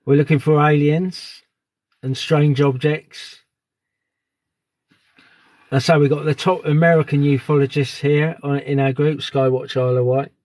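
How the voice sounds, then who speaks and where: A man's voice: fairly high pitch, flat delivery, unhurried, long pauses, darkish tone, no echo. A man live streaming outdoors at dusk on a phone, chatting casually and greeting viewers by name. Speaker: live streamer on a sky watch.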